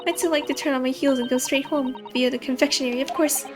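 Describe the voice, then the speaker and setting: Girl reading as a polite sweet young assistant, earnest, slightly high, music playing. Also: fairly even intonation, fast talker, close to an everyday voice. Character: polite, gentle young Japanese woman assistant.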